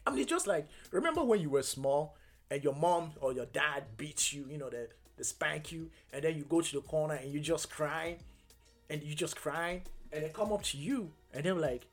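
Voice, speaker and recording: A young adult man hosting a casual solo podcast, earnest and halting, with many fillers and restarts. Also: on the high side, expressive, faint music behind. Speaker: podcast host.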